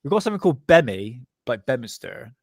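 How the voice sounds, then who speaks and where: A man's voice: mid-range voice, sing-song, quick pace, dry recording. A man from Bristol with a Bristolian accent, hosting a casual podcast chat, rambling and laughing often. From Bristol, England. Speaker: podcast host.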